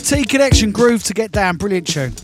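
A man hosting a live radio show, reading out shout-outs in a cheeky, rambling way and singing along now and then. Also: high-pitched, very animated, brisk. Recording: music playing behind the voice. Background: music.

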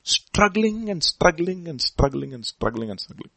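A man preaching a sermon in an Indian English accent, his delivery lively and swinging widely in pitch. His voice has a bright, forceful edge with a husky grain. He presses his points with emphatic rhetorical questions. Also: moderate pace, no room sound, poor audio. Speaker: pastor.

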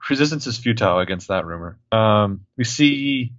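A man with a lowish voice describes film footage plainly and drops dry jokes along the way. The audio is dry and a little dull, like a lo-fi recording. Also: animated, normal speed, fairly bright tone, no echo. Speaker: podcast co-host. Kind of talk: casual film commentary.

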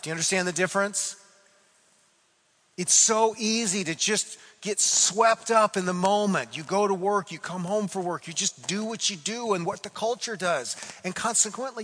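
A man preaching a sermon as pastor, animated, repeating phrases for emphasis. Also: sits high, long reverb tail, low-quality recording.

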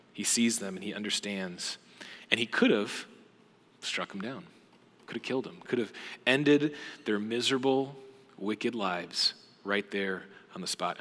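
A young adult male pastor tells a Bible story in a sermon, acting out voices and dropping to hushed asides. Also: mid-range voice. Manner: animated retelling with voiced quotes and hushed asides. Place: church auditorium. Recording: long hall reverb.

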